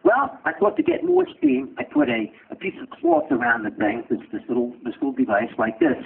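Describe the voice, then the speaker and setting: A man teaching a medical class who asks quick questions and answers them himself, with blunt joking asides. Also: a little high, gravelly. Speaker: medical lecturer. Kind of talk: lecture with questions to students. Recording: tinny lo-fi lecture recording with faint hiss.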